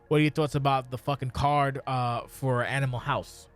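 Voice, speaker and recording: A man's voice: mid-range voice, steady tone, normal speed, smooth, faint music behind. A man hosting a casual podcast, swearing a lot and ranting in mock outrage. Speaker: podcast host.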